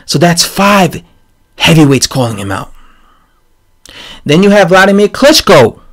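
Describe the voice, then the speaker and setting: A man giving a casual, rambling opinion rant on his channel, animated and full of fillers and restarts. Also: fairly high pitch, a little slow. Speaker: boxing commentator vlogger.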